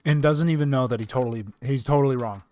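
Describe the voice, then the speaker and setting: A man's voice: medium pitch, quick pace, dark tone. Sarcastic man streaming on a close mic. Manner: sarcastic, joking, talks back to the video. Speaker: livestreamer reacting to a video. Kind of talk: casual livestream reaction. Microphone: close desk mic.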